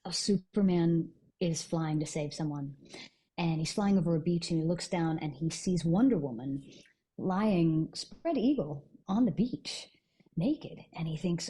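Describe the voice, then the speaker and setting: Husky lower-voiced woman, animated storyteller, laughs a lot. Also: unhurried. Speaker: guest, stage actor. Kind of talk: casual podcast chat.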